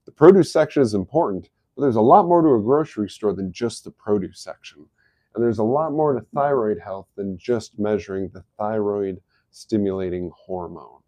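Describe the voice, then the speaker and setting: A middle-aged man talks easily through health tips on a live stream. His voice is low and mellow. The sound is dry and close. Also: moderate pace, dry recording. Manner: easygoing, explanatory, chuckles at his own jokes. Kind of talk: casual live-stream talk.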